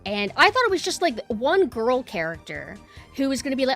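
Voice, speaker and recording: A woman's voice: high-pitched, very animated, a little fast, pushed and bright, faint music behind. A young woman streamer chatting casually with her viewers and ranting bluntly, swearing freely.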